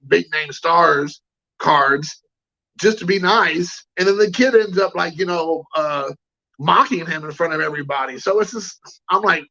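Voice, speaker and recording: Man, high voice, gravelly, bright tone, rambling casual storyteller, slightly muffled lo-fi audio. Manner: rambling, chatty, greets chat viewers. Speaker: card collecting show host.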